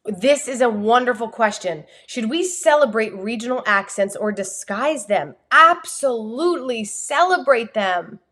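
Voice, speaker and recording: Female communication coach with a New Jersey accent, lively and expressive, in a slightly higher register. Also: a little slow, hardly any pauses. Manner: energetic, expressive, talks with her hands. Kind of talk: motivational livestream talk.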